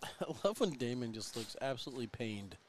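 A man doing relaxed, teasing color commentary on a cornhole match. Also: medium pitch, brisk, a little hiss or hum. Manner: relaxed, teasing, laughs easily. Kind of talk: casual sports commentary.

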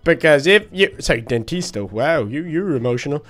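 A man voicing a cheeky, excitable young boy duckling in a Minecraft role-play, rambling and stammering. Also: on the high side, normal speed, soft background music.

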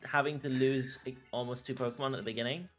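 A man chatting casually with friends during a video game, laid-back and joking, often trailing off quietly at the ends of phrases. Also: medium pitch, steady tone, fast talker, faint music behind. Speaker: co-host of a game playthrough. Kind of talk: casual gaming chat.

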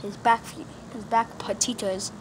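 A woman with a mid-range voice talks at normal speed in a steady tone, vlogging casually into a phone camera pointed at herself. She rambles with slang and lots of fillers while standing in a yard near a road, and the phone picks up street traffic and outdoor ambience.

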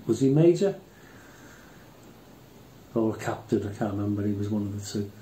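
A man's voice: lowish voice, lively intonation, moderate pace, mellow, slight background noise. An older Englishman telling rambling, blunt, swear-filled army anecdotes in casual chat. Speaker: airgun channel host. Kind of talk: casual storytelling. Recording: roomy echo.

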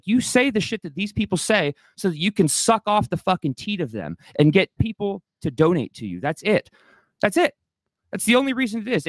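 A man with a high voice rants heatedly as a guest on a livestream, recorded with no echo. He swears a lot, sounds agitated, and rambles, constantly restarting his sentences.

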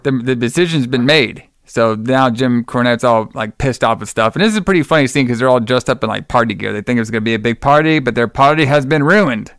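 Smooth-voiced rambling podcast host, man. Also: medium pitch, fast talker, hardly any pauses, a bit bright, no echo, clean studio sound. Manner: rambling, laughing, swears freely. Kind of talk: casual podcast chat.

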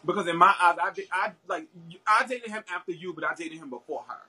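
A man's voice: high-pitched, quick pace, bright, forceful tone, husky, low-quality recording. A man chatting as a guest, telling a story in a rambling way with many fillers and restarts. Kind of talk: casual chat.

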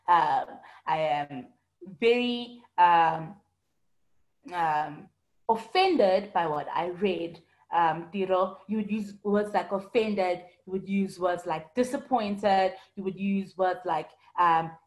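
A woman's voice: lowish voice, slow pace. Patient woman teaching an online class. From South Africa. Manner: patient, explaining, answers students by name. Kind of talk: online lesson reading student comments.

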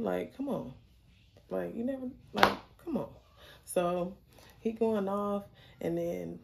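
A young adult woman telling a story in a casual, blunt, animated way, swearing freely. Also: lowish voice, creaky, background noise. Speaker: storyteller vlogger.

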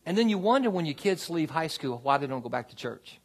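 Man, pastor, sermon, gravelly husky voice, animated pitch, church sanctuary, asks congregation for amens. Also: fairly quick. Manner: conversational preaching with call-and-response asides.

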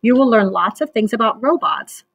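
A woman teacher leading an online reading lesson for children, speaking patiently and clearly and stretching out words so children can clap the syllables. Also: a little high, moderate pace, no room sound, lo-fi sound.

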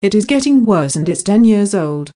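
A woman reading simple scripted practice dialogues in a slow, even textbook delivery. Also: medium pitch. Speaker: dialogue reader for English practice.

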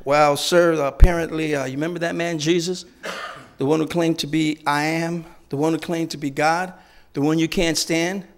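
A preacher playing a nervous, stammering servant. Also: male voice, a little high, fairly even intonation, natural voice. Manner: halting, polite, full of uhs. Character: hesitant male servant reporting to an official.

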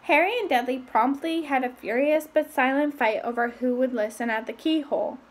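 A woman casually reading a novel aloud, breaking off for her own asides and lifting her voice for the characters' lines. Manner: reads quickly with asides, raising pitch for quoted voices. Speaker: reader.

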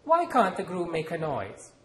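A man's voice: wildly swooping pitch, normal speed, a crowd in the background. A man reading aloud, voicing a bossy, scornful girl cousin who switches between mock-hearty bluster and indignant protest. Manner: booming mock-hearty pirate bluster, then shrill protest. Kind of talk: author reading his novel aloud.

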